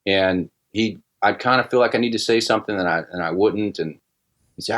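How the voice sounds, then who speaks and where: A middle-aged man telling a personal story in casual podcast talk, halting with many restarts and fillers. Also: low voice, steady tone, fairly bright tone. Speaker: guest musician.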